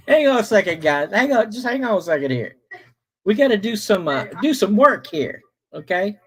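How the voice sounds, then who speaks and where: A middle-aged man, hosting a casual livestream, talking slowly with many fillers as he greets viewers in chat. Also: sits high, big pitch swings, slightly rough, rough recording. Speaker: livestream host reading chat.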